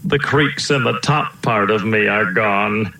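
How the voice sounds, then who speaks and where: Man doing old uncle elephant, very gravelly, slow and sighing, roomy echo. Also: fairly low pitch, bright, forceful tone, faint music behind, heavily acted. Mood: contented, tired. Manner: slow, sighing storybook delivery. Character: creaky old male elephant, gentle and fond of comfort.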